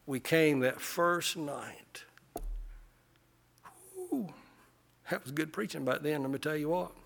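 A middle-aged man preaching a sermon, impassioned, swelling to loud peaks and often repeating his words. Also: a little high, normal speed, creaky. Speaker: pastor.

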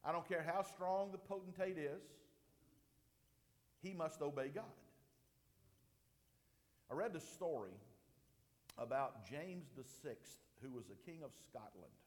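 A man preaching a sermon with emphatic delivery, slowing down to stress points and swinging his voice up and down. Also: fairly high pitch, animated, long reverb tail. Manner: emphatic preaching, slows for stress, rises and drops sharply. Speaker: pastor.

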